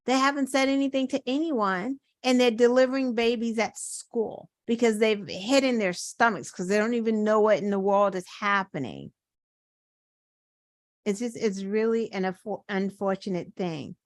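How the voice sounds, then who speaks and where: A woman's voice: sits high, a bit bright, no room sound. A woman hosting her own show, talking in casual political commentary with indignant rhetorical questions and swearing. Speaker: show host.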